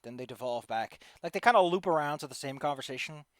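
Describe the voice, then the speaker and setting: A man's voice: a little high, animated, fast talker, no echo, studio quality. Rambling man running a tabletop game. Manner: loose and rambling, lots of "like" fillers. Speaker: game master.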